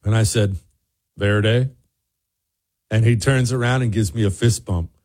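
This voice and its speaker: A man's voice: fairly low pitch, steady tone, a little slow, darkish tone. A man hosting a show, telling a casual vacation story and mimicking other people in raised voices. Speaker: radio show host.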